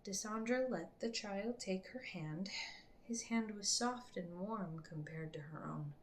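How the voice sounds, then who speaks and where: A woman reading her own book aloud to her family in an unhurried way, slipping into soft whispers. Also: medium pitch, slight background noise.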